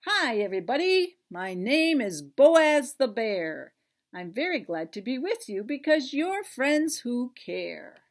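Friendly storybook bear guy, cheerful and welcoming, slow and lilting, as a lady reads him out. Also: on the high side, sing-song, full character voice. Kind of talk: picture-book read-aloud for toddlers.

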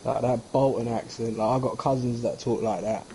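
A young man chats as a streamer over a game, rambling from one joke to the next. His voice is mellow and relaxed at a middle pitch. A faint hiss sits under the recording. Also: normal speed, rough recording. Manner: rambling, jokey, slips into mock accents. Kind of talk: casual chat while gaming.

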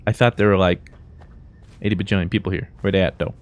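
A man doing let's play commentary, excitable and jokey, switching between mumbled asides and high-pitched yelps. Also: fast talker. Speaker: gaming YouTuber.

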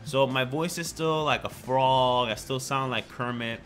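A young man vlogging, telling a personal story in a casual, animated way, full of slang and crude jokes. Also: mid-range voice, a little slow.

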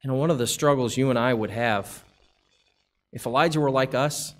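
A man preaching a sermon in church, pressing his listeners with question after question. His voice sits at an ordinary middle pitch, and he moves between scripture readings and direct appeals. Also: moderate pace. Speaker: pastor.

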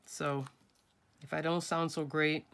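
A woman's voice: low voice, level tone, slow, gravelly, fairly bright tone. A middle-aged woman, nasal from a cold, chatting her way through a step-by-step craft tutorial at her desk and talking to viewers as folks and crafters.

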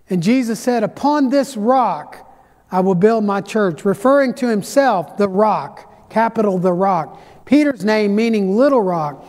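A male pastor preaching a sermon, telling the story dramatically and swinging between loud peaks and hushed low passages. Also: expressive, a little slow. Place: church sanctuary. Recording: church hall reverb.

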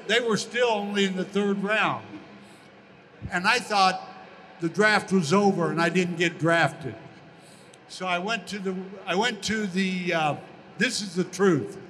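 An older American man recounts his career with animated relish, slipping into the voices of the people he quotes. His voice sits high and bright. The room adds a long reverb tail, and a faint background hum runs beneath it. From United States. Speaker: interview guest, former pro football player. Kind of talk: storytelling in a casual interview.

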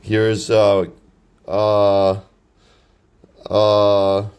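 A man with a lowish voice talks through a sketchbook page by page. He rambles loosely, trailing off with fillers and restarting sentences as he goes. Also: monotone, drawn-out words, a little mellow, clean tone. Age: 30s. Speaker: artist showing his sketchbook. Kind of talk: casual rambling commentary.

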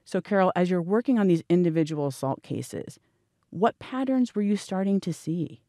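A woman's voice: fairly low pitch, expressive, moderate pace, mellow, no echo, clean studio sound. A woman hosting a podcast interview, setting scenes and putting questions to her guests. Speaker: podcast host.

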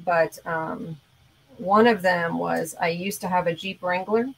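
A woman hosting a casual crafting chat, telling a family story in a relaxed way with lots of ums and ands. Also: on the low side, measured pace, gravelly, low-quality recording.

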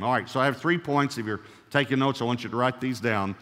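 A man's voice: mid-range voice, fairly quick, few pauses, a bit bright. A male pastor delivering a sermon in a mid-range voice. He is emphatic, stretching out key words and repeating them for weight. His voice rings with the long reverb of a church hall. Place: church sanctuary.

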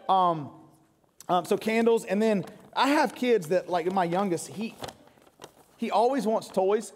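High-voiced joking pastor in a reverberant church. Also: male voice, a little hiss or hum. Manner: joking, crowd-engaging storytelling. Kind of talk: sermon. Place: church sanctuary. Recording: long hall reverb.

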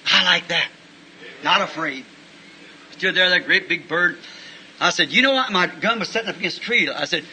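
A man preaching a sermon, telling folksy stories and breaking into shouts of praise. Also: sits high, a little hiss or hum, low-quality recording. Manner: folksy, animated, bursts into shouting. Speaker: pastor. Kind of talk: sermon with storytelling.

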